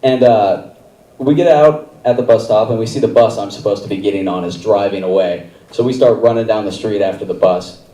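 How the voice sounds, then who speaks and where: A man's voice: lowish voice, brisk, warm tone, distant mic. A young man doing stand-up on a comedy theater stage, rambling casually through a story with lots of fillers. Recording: roomy theater sound from afar.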